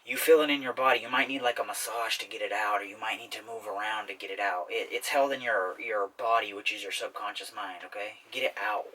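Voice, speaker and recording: A man's voice: on the low side, fairly even intonation, fast talker, hardly any pauses, pushed and bright, recorded from a distance, low-quality recording. A man hosting a self-help talk in a casual explainer style, often checking in with "okay?". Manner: repetitive, keeps asking "okay?". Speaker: self-help video host.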